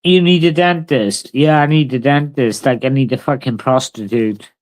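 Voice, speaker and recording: A man's voice: medium pitch, moderate pace. A man, talking casually and swearing a lot as he answers a live stream chat. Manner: brash, sweary, talks back to chat. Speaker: livestreamer.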